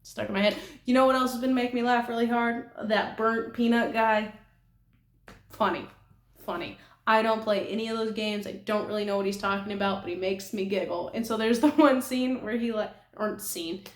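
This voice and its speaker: A woman's voice: fairly high pitch, fairly even intonation, moderate pace. A young woman from California chatting casually to her viewers, rambling with frequent giggles and self-deprecating asides. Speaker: nail artist vlogger. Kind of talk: casual chat. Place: apartment room. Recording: echoey room.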